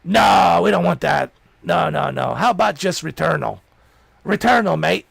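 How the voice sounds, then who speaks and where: A man doing an impression of a blustery executive who shouts refusals. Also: on the high side, expressive, normal speed, vocal fry, dry recording, pitched above the performer's own voice, exaggerated voice. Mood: exasperated. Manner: exasperated shouting.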